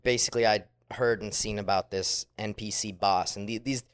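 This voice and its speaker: A man's voice: on the low side, fairly even intonation, moderate pace, clear, resonant tone. A man guesting on a podcast, a video creator chatting casually in an easygoing, agreeable way. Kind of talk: casual chat.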